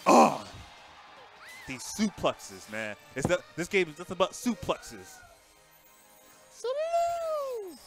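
A man commentating a fighting game match live, his voice rising and falling in a lively, animated way. He is chatty and excitable, breaking into loud outbursts and then dropping to quiet asides. Faint music plays behind him. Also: mid-range voice, vocal fry. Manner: excitable, chatty, swings between shouts and mutters. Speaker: tournament commentator.

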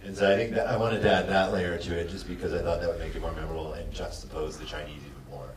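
A man, an actor, speaking on a panel in a relaxed way, laughing easily and repeating words. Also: low voice, fast talker. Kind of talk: casual panel conversation. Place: auditorium at a screening event. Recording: echoey hall from far off, faint noise.

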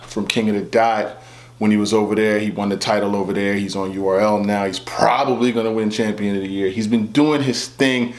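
A man's voice: fairly low pitch, fairly even intonation, a little fast, echoey room. A man hosting a battle rap commentary vlog, talking casually and conversationally. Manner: laid-back, conversational, repeats "you know what I'm saying".

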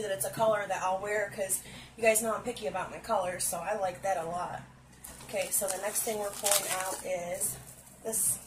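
At home on a stool, a woman vlogger unboxes makeup on camera, gushing, exclaiming often, and talking straight to her viewers in casual chat. Her voice is medium-pitched, and the low-quality recording carries a little hiss or hum.

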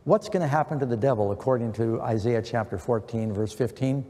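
A man's voice: medium pitch, a little fast, dark tone. A middle-aged man preaching an earnest sermon, quoting scripture with emphasis. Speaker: pastor. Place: church. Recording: long church reverb.

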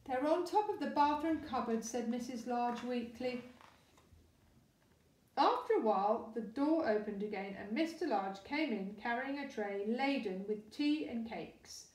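A woman storyteller reading a children's storybook aloud in a lively, expressive way, with a distant, echoey sound. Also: a little high, unhurried. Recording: roomy echo, distant mic.

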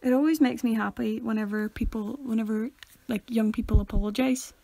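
Young woman, gravelly fry, fairly high, soft-spoken, dry close sound. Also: brisk, no room sound. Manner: soft-spoken, self-deprecating, laughs often. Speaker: podcast co-host. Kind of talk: casual chat.

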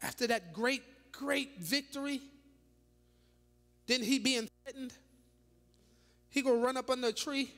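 A woman bishop delivers a lively, dramatic sermon, throwing rhetorical questions at her congregation. Her voice sits high and sounds bright and sharp. It rings out with a long reverb through a large church hall. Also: a little slow, pauses often. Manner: animated, dramatic preaching with rhetorical questions and laughing asides. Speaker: bishop preaching.

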